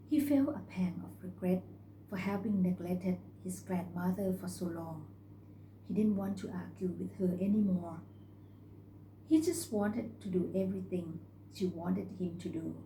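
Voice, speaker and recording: A woman reading a story aloud in a calm, measured way. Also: fairly low pitch. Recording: roomy recording with faint hum.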